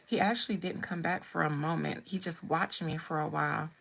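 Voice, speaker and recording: A woman's voice: sits low, steady tone, a little fast, vocal fry, fairly bright tone, poor audio. A woman hosting a live stream, telling a personal story in a blunt, humorous way. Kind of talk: casual storytelling.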